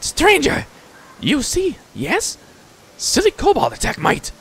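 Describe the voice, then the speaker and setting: A man voicing an excitable little male mite creature in a video game, speaking in broken, clipped phrases. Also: very high voice, takes it slowly, gravelly, pitched above the performer's own voice, heavily acted. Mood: frantic. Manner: broken clipped speech, frantic.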